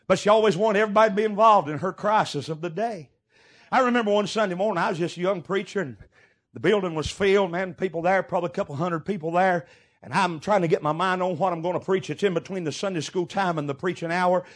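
A middle-aged man preaching a sermon, telling folksy stories and breaking into shouted bursts. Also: sits high, fast talker. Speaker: pastor.

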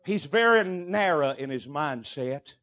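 High-voiced pastor, folksy. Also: male voice, animated, measured pace. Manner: folksy storytelling with shouted bursts. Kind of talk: sermon.

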